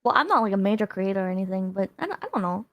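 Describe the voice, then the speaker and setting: A woman's voice: medium pitch, sing-song, racing, no echo. A young woman guest on a podcast, laid-back and teasing, with lots of "like" in her speech. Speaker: guest, VTuber. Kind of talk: casual chat.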